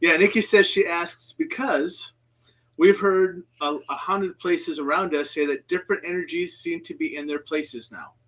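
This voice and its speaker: A man's voice: on the high side, normal speed, a bit bright, poor audio. A man hosting a casual chat, passing on stories with frequent ums. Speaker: host.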